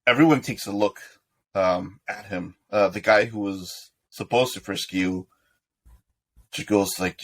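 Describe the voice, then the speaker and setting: A man's voice: lowish voice, unhurried. A man narrating a tabletop game as game master, in a casual way, dropping into slangy lines for the people in the scene.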